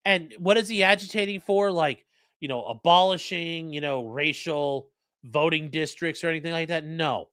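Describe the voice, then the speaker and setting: A man who is a lawyer hosts a casual livestream, speaking bluntly with profane, mocking asides. His voice is a little high and fairly bright, at a moderate pace, in clean studio sound with no echo.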